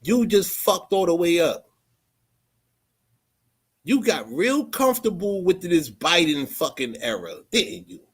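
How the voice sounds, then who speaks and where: This is a man with ranting furiously at people in his livestream chat. He swears constantly, repeats his phrases, and keeps coming back to the same insults. His voice sits a bit on the high side. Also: sing-song, unhurried, long pauses, slightly rough. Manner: angry, profane, repetitive. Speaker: channel host.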